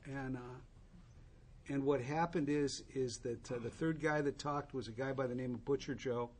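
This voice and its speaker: A man's voice: medium pitch, steady tone, normal speed, slight background noise. A man in his sixties tells a humorous, rambling story to an audience at a recovery meeting, with many restarts.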